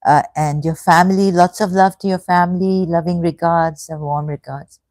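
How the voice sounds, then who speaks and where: A woman in her fifties hosting a casual livestream, halting and hesitant, full of restarts and effusive thanks. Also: on the low side, fairly even intonation, darkish tone, no room sound. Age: 50s. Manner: emotional, effusively grateful. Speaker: livestream host. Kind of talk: casual livestream chat reading comments.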